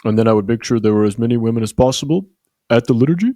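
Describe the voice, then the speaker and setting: A man's voice: medium pitch, expressive, rapid-fire, mellow, dry recording, clean studio sound, voice pushed down, close to an everyday voice. A man putting on the voice of a pompous young know-it-all, droning mockingly in a comedy podcast bit.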